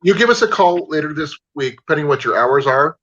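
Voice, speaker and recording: A man hosts a casual livestream chat. His voice is bright and forward, and he rambles in an easygoing way, restarting sentences. The sound is a dull, lo-fi stream feed. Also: fairly high pitch, expressive, a little fast. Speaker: livestream host. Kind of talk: casual video-call chat. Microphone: livestream call audio. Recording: lo-fi livestream audio.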